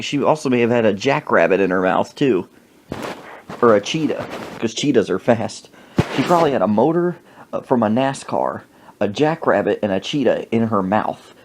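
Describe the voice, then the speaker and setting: Animated young man telling a comic story. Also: medium pitch, noisy background. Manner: animated, exaggerated, rambling. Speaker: podcast host.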